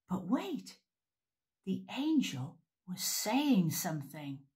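A woman tells a story to a group of preschoolers, her voice rising and falling in big, lively swoops. She speaks slowly and clearly, sing-song and animated, pausing to invite the little ones to join in. The tone is a plain middle pitch, unhurried throughout. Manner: animated, sing-song, with loud call-and-response cues. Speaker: preschool worship leader. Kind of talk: interactive storytelling for young children.

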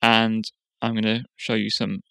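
Guy doing a software tutorial, calm step by step, super dry close mic. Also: fairly low pitch, measured pace, vocal fry, no echo. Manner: plain, explanatory, step by step. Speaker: tutorial host. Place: quiet room.

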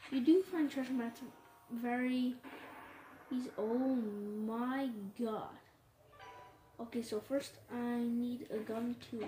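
A woman hosting her own gaming channel, giving casual gameplay commentary full of excited exclamations. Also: on the high side, slow. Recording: roomy echo with steady background noise.

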